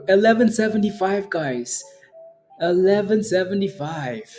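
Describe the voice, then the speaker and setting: A man's voice: high voice, lively intonation, unhurried, mellow, faint music behind. A man hosting a live day-trading stream, cheering on prices, chanting and laughing as he talks to viewers. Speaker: day trading livestream host.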